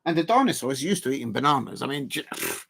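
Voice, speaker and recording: A man's voice: medium pitch, very animated, quick pace, vocal fry, a bit bright, slightly rough. A man hosting a live football watch-along, chatting to viewers while he eats, rambling with lots of fillers and restarts. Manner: chats to viewers while eating. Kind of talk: casual live-stream chat.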